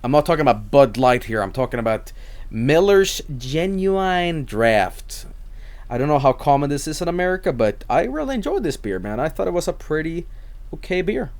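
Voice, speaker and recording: A man's voice: on the high side, big pitch swings, normal speed, darkish tone. A man streaming, chatting casually and rambling with many restarts and plenty of swearing.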